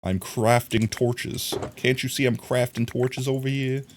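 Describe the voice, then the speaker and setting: A young man on a casual live stream, his voice sitting at an ordinary middle pitch. He rambles and jokes, drifting into quiet muttering as he plays, then turns to tease his chat. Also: little pitch movement, measured pace, background noise. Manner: rambling, jokey, mutters to himself while crafting; teases and scolds chat playfully. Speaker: livestreamer.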